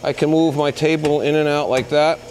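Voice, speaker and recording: A man working as a used machinery dealer walks through a machine in an unscripted product demo. He talks in a plain, halting way, pausing with lots of fillers as he goes. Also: a little high, steady tone, noisy background. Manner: plain-spoken, halting, pauses with many fillers. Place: indoor machinery shop floor.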